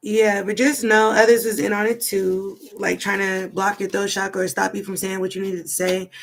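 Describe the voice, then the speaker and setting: A woman's voice: mid-range voice, level tone, moderate pace, creaky. A woman giving a rambling, chatty tarot card reading, thinking aloud as she goes. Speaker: tarot reader.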